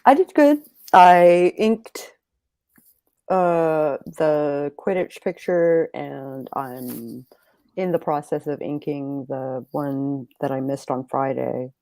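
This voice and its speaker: A woman's voice: low voice, slow pace, warm tone, no room sound. A woman chatting on a livestream in a laid-back way, giving short, easygoing answers. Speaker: co-host on livestream. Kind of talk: casual livestream chat.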